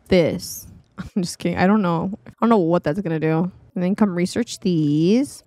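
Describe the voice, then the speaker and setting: A woman giving casual, chatty commentary while streaming a life-sim game, exclaiming and reacting loudly. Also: medium pitch, no room sound. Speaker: gaming streamer. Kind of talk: casual let's-play commentary. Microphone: desktop studio mic.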